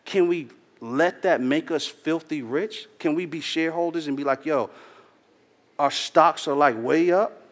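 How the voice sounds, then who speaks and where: A man's voice: on the high side, measured pace. A man preaching a sermon in a casual, slangy, earnest storytelling way, addressing his church. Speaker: pastor. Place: church hall. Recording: long hall reverb.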